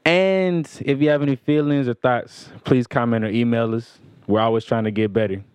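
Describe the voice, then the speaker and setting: A man's voice: mid-range voice, steady tone, normal speed, darkish tone, slight background noise. A young man from Texas hosting a podcast, easygoing and sincere in a casual chat. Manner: easygoing, hype banter, sincere scripted intro. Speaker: podcast host.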